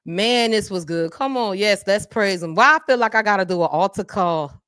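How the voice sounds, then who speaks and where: A woman hosting a live podcast, talking straight to her viewers in a lively, preacher-like call-and-response style. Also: mid-range voice, normal speed, few pauses, clean tone, no room sound, studio quality. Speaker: podcast host. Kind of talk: live-stream chat with viewers.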